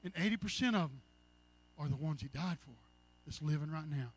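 A preacher with a high voice for a man delivers a sermon. He retells a story in an earnest, rambling way, stacking up "he said"s, then his voice swells into loud, fervent appeals to the congregation. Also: moderate pace, pauses often, husky.

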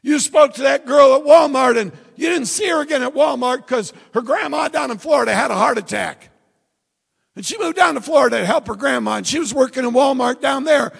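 A man preaching a fervent sermon, his raspy, gravelly voice pitched high and often raised to a shout. He moves between hollered exhortation and stories told to the congregation. The church around him rings with a long reverb. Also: brisk. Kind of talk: evangelistic sermon. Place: church sanctuary.

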